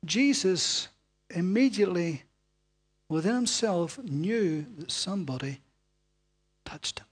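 Male preacher, high-pitched and husky, dramatic delivery that drops to whispers. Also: expressive, takes it slowly, pauses often. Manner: dramatic, swings from loud calls to hushed whispers; asks the listeners rhetorical questions. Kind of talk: sermon.

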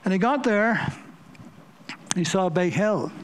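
A man preaching a sermon in a high voice. He tells his stories vividly, repeating words and phrases for emphasis as he builds them up. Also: lively intonation, unhurried. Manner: vivid storytelling with emphatic repetition.

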